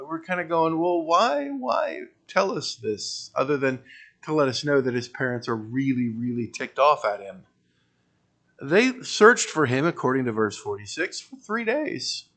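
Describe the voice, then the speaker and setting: A man preaches through a gospel passage in a relaxed, conversational sermon voice of middling pitch. He punctuates the teaching with wry, joking asides. His delivery swings from emphatic, raised lines to soft phrases that trail off. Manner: shifts between emphatic bursts and quiet trailing phrases. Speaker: pastor. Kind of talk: expository sermon.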